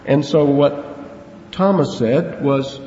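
A man's voice: fairly high pitch, takes it slowly, mellow. A man preaching an expository sermon, earnest and emphatic, stressing words and asking rhetorical questions. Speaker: preacher teaching a Bible passage. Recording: echoey hall, dull lo-fi sound, faint hiss.

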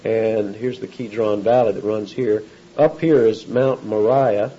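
Male pastor, sermon, very dark husky voice, conversational, muffled old recording. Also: on the low side, steady tone, a little slow. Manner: conversational, asks the audience questions. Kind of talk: expository sermon.

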